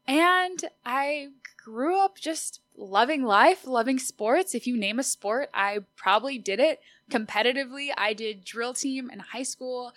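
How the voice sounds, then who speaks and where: A woman's voice: a little high, fairly bright tone, dry recording. Bubbly young woman hosting a podcast. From Austin, Texas. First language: Spanish. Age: 20s. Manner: bubbly, chatty and upbeat. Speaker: podcast host. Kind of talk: solo podcast monologue.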